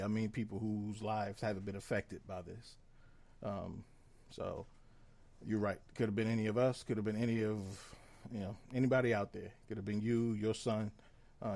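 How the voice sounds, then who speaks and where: Low-voiced earnest podcast co-host. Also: male voice, fairly even intonation, gravelly, a little mellow. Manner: measured, earnest, filler-heavy. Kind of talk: casual podcast discussion.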